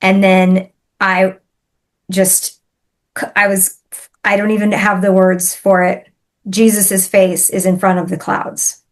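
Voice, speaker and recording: Animated woman telling a story. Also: medium pitch, slow pace, pauses often. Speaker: guest, spiritual healer. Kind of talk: storytelling in a podcast interview.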